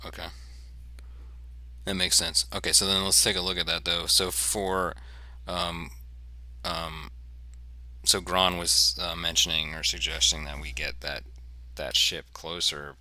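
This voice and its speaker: Deep gravelly dude talking thru a war game, bright edgy voice, dry close sound, jokey. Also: male voice, unhurried, no room sound. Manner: jokey, thinks aloud while explaining moves. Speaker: host. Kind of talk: casual strategy game discussion.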